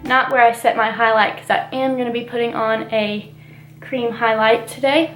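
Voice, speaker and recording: A woman's voice: on the high side, moderate pace, roomy sound, soft background music. A young woman chatting through her makeup routine as a beauty vlogger, her voice a little stuffy from allergies, with a casual, rambling manner. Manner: chatty, relaxed product chatter with fillers. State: congested from allergies.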